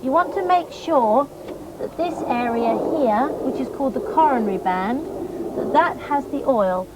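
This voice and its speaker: A middle-aged woman, a riding instructor, calmly demonstrating horse care to children step by step. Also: sits high, moderate pace, heavy background noise. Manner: calm, gentle, explains each step patiently. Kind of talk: hands-on demonstration teaching children.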